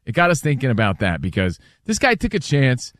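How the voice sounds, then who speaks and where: Animated man telling stories. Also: medium pitch, fairly quick, no room sound, clean studio sound. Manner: animated storyteller, acts out voices. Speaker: co-host. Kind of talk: casual chat.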